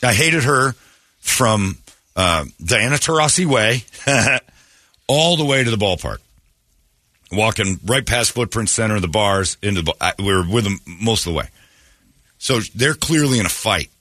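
A man from Phoenix hosting a radio show, telling a story in a casual, animated way and mimicking the people in it. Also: lowish voice, moderate pace, pauses often, no echo, clean studio sound. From Phoenix, Arizona.

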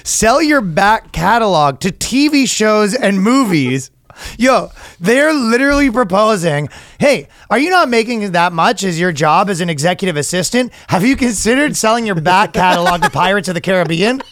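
A man's voice: high-pitched, expressive, normal speed, a bit bright, dry recording, clean studio sound. A man co-hosting a podcast, chatting casually and joking around. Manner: playful, jumps into silly put-on voices. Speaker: podcast co-host. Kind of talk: casual comedic chat.

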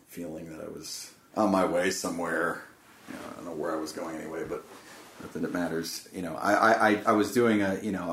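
A man telling a personal story in a reflective, casual conversation, speaking haltingly, often repeating words. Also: deep voice, vocal fry. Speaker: podcast guest. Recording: roomy echo.

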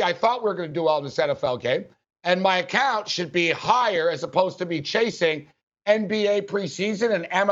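A man hosting a sports betting show, talking loudly and laughing as he jumps in over his co-hosts. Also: on the high side, muffled recording. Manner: loud, laughing, talks over others. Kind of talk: casual sports betting chat.

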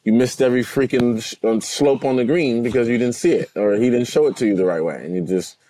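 A man talking in a casual podcast chat, telling stories in a slangy, animated way, recorded outdoors on a golf course. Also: medium pitch, fast. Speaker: podcast guest, former NFL player.

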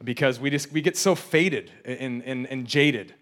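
A man's voice: medium pitch, a little slow, a bit bright. A young adult man preaching a casual, joking sermon, often repeating and restarting his words. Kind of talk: conversational sermon.

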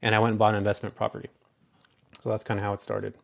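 A man's voice: fairly low pitch, monotone, racing, creaky. A man as a podcast guest, telling his story casually and animatedly, acting out bits of dialogue between lots of filler words.

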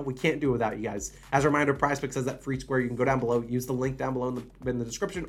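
Man, sports betting host, rapid delivery, casual picks rundown, slightly unwell. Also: mid-range voice. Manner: fast, animated, conversational with restarts.

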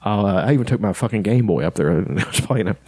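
A man's voice: fairly low pitch, animated, fast, a little mellow, husky, no echo. A man co-hosting a casual chat, laid-back, swearing freely and laughing often.

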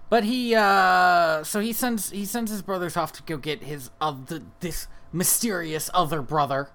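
A man's voice: sits high, normal speed, pushed and bright. A man co-hosting a podcast, joking sarcastically about a movie and swearing casually. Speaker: podcast co-host. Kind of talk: casual chat reviewing a movie.

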